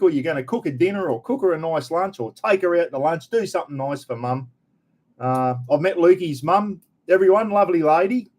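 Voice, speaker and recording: A middle-aged Australian man hosting a casual live stream, greeting viewers one by one with a friendly, chatty manner. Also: a little high. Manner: chatty, friendly, lots of g'day mate.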